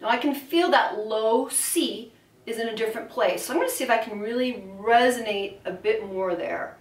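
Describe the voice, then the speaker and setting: A woman's voice: on the high side, moderate pace. A woman voice teacher giving an upbeat, encouraging singing lesson to camera. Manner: upbeat, encouraging, demonstrates with buzzing. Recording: echoey room from a distance.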